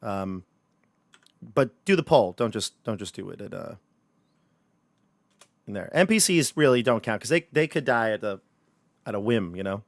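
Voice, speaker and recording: A man's voice: lowish voice, lively intonation, moderate pace, long pauses, dry recording, studio quality. A man running a livestreamed tabletop horror game, joking and chatty with his players. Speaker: game master.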